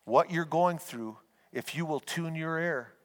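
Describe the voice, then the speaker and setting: A man's voice: on the high side, measured pace, a bit bright. Earnest preaching man in a reverberant hall. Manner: folksy storytelling, earnest and exhorting. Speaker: pastor. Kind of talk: sermon.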